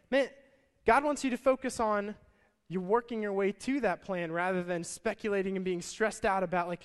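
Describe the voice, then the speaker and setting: High-voiced energetic preacher in a reverberant hall. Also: male voice, moderate pace, clean tone. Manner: energetic, conversational, addresses crowd as guys. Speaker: pastor. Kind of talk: sermon. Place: church service with stage and band. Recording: long church hall reverb.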